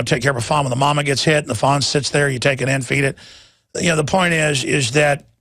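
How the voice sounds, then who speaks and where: A male talk radio host rants with heat and emphasis, stumbling over restarts as he pushes on. His voice is gravelly and a little higher than usual. The sound is dry and close. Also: a bit bright, no echo. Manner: heated, emphatic, stammering restarts. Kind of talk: ranting talk radio monologue.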